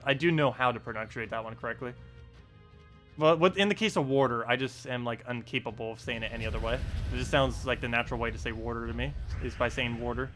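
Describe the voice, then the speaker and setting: A man chatting casually on a live game stream, playful and quick to laugh as he keeps repeating a word to test how he says it. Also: mid-range voice, fairly bright tone.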